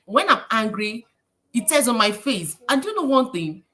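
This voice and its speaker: Nigerian woman livestreaming, animated, bright voice, preachy, pidgin phrases. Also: fairly high pitch, moderate pace. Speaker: livestream host. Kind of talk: casual livestream talk.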